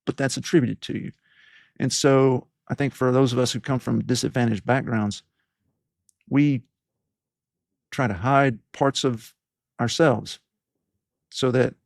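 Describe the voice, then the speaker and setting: A man's voice: medium pitch, steady tone, takes it slowly, vocal fry, pauses often, no echo, studio quality. Southern-accented man telling his story. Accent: softened East Tennessee Southern. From East Tennessee. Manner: earnest storytelling, acts out quoted voices. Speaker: podcast host as guest. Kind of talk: reflective interview talk.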